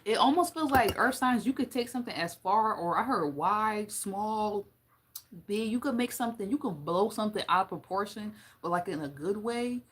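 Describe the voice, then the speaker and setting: A woman's voice: medium pitch, expressive, moderate pace, husky. A young woman giving a casual tarot reading, blunt and profane, joking and laughing often as she talks. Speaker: tarot reader.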